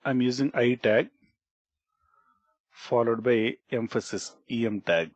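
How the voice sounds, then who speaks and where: Taking it slowly in a mid-range voice, a man with an Indian English accent walks through a screen-recorded coding tutorial. The recording is dry and lo-fi. As a programming instructor, he repeats key points, restarts words, and often says "okay" and "right?"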